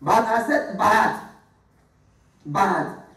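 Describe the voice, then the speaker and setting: A man's voice: sits high, extremely slow, a bit bright. A middle-aged man preaching a sermon. He talks emphatically, repeating phrases and calling on the congregation to read verses aloud. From Ghana. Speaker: pastor. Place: church sanctuary. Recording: echoey church from a distant mic.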